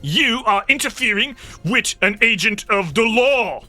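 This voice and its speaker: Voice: medium pitch, expressive, unhurried, faint music behind, voice pushed up. A game master doing a pompous armored lawman. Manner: officious, stammering, cites legal codes; loud and commanding. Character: pompous armored male agent of the law.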